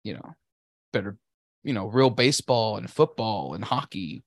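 A man's voice: on the low side, expressive, normal speed, no echo, studio quality. A man co-hosting a podcast, ranting and cursing about his week in casual chat. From Pacific Northwest. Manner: profane, ranting, sarcastic. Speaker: podcast co-host.

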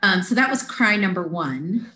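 A woman on a podcast telling a lively personal story in casual chat, acting out the people in it. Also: mid-range voice, moderate pace. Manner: animated, acts out quoted voices. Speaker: podcast guest. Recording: roomy echo.

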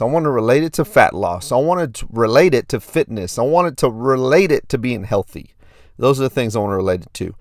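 A man's voice: medium pitch, dry recording, studio quality. A man in his thirties hosting a fitness podcast, telling a story in a hyped, repetitive way. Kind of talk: casual podcast monologue.

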